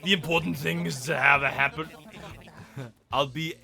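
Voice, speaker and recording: A man's voice: fairly high pitch, fairly even intonation, unhurried, vocal fry, sharp tone, heavily acted. A man voicing a fussy, pompous male island chief in a game, speaking formally. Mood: formal pleading.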